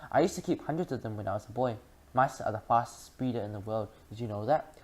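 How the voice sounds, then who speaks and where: A reader voicing a friendly, rambling old taxi driver who talks in a low, easy voice. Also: quick pace, a little mellow, lightly acted. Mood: chatty.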